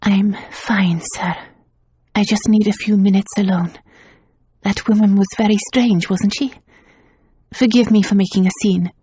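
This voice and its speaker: A woman voicing a distraught young governess who speaks in a strained, breathy voice near tears. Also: mid-range voice, steady tone, a little slow, mellow, no echo, clean studio sound.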